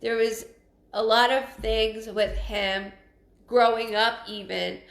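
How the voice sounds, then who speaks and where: Earnest, halting woman in an echoey room. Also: a little high, steady tone, gravelly. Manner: halting, with frequent restarts; earnest and emotional. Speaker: psychic medium. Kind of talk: live-streamed spirit reading.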